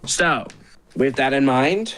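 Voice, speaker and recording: A man's voice: mid-range voice, lively intonation, slow pace. A man voicing a boisterous female ritual leader giving orders in a tabletop game. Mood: commanding. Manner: boisterous and loud.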